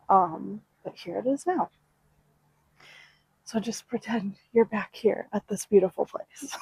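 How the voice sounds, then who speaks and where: A young woman in her twenties delivers a wedding toast for her younger brother, sentimental and warm in her wording, with small laughs slipping in. Her voice sits in a middle pitch and comes across close and dry on a quality microphone. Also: slow pace, long pauses, husky, no echo, poor audio. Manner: sentimental, with soft laughs between lines. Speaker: groom's older sister giving a wedding toast. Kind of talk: heartfelt wedding toast speech. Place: at a wedding venue. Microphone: high-quality microphone.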